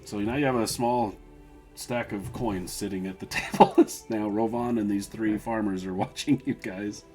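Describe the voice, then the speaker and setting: A man's voice: lowish voice, fairly even intonation, moderate pace, darkish tone, soft background music. A man narrating a tabletop game as game master, laughing often as he describes the scene.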